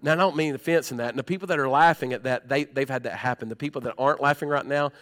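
A middle-aged man, preaching a sermon in a church with animated, folksy storytelling and humor. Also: medium pitch, very fast. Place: church sanctuary.

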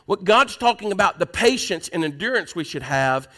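A middle-aged man preaching a sermon, asking the congregation questions and swinging between loud, pressing lines and soft ones. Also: sits high, animated, normal speed. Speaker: pastor.

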